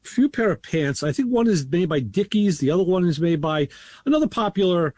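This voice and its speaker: Lively high-voiced man bantering. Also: fairly quick, dry recording. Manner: playful banter, chimes in. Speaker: radio show co-host. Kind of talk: casual radio chat.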